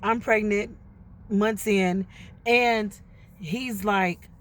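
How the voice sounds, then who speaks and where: A woman's voice: mid-range voice, fairly even intonation, drawn-out words, fairly bright tone. A woman telling a personal story in a casual, chatty way to her viewers, acting out what other people said. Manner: chatty, addresses viewers directly, acts out quoted voices.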